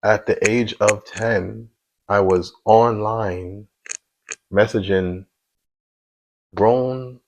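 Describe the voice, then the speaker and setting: A man in his thirties tells his own story of faith and struggle in a candid, confessional way. His voice sits low and carries a rough, gravelly fry. He talks earnestly and keeps reaching for the listener with "you know" asides. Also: steady tone, drawn-out words, long pauses, rough recording. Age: 30s. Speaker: vlogger sharing a personal faith testimony. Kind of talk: candid personal testimony.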